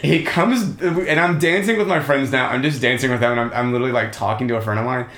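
A man's voice: mid-range voice, fast talker, fairly bright tone, roomy sound. A young man telling a long story in casual chat, rambling with lots of filler and laughing often. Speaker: podcast host telling a story.

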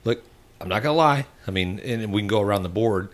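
A man with a very low voice co-hosts a casual podcast chat. He speaks easily and jokes with the others. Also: expressive, fairly quick. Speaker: podcast co-host.

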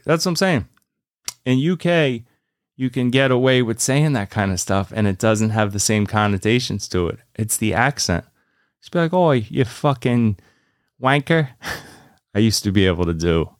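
A man's voice: deep voice, clear, resonant tone, no echo, studio quality. A man hosting a podcast, talking in a rambling, profane, casual monologue full of "you know" and "like", laughing easily at his own jokes. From United States. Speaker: podcast host.

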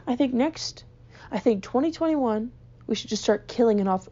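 A young woman, ranting in an exasperated, swearing, animated way as a podcast host. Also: fairly high pitch, normal speed. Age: young adult. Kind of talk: casual comedic rant. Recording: dull lo-fi recording.

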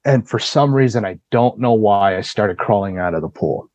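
A man's voice: lowish voice, lively intonation, moderate pace, a little mellow, dry recording, low-quality recording. A man on a podcast telling a story in a casual way, swearing freely and acting out what others said. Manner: vivid retelling, swears freely, acts out the voices of others.

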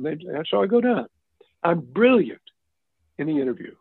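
A man's voice: a little high, expressive, a little fast, creaky, slightly rough, no echo. An older man, an interview guest, telling stories casually and rambling, with many restarts and asides. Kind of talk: casual storytelling. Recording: dry, tinny phone line.

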